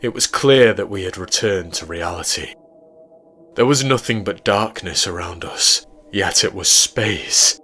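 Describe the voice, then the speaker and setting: A British man narrating a sci-fi horror story in a measured, steady way. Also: low-pitched, faint music behind.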